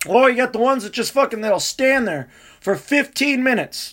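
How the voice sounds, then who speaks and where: A man telling a rambling, profane, animated story in casual chat. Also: very high voice, moderate pace.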